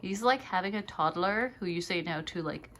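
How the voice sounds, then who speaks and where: A woman's voice: fairly low pitch, lively intonation, moderate pace, fairly bright tone, a little hiss or hum. A woman filming her pet bird, scolding it firmly and cooing to it in baby talk while chatting to viewers. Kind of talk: casual vlog talking to a pet and viewers.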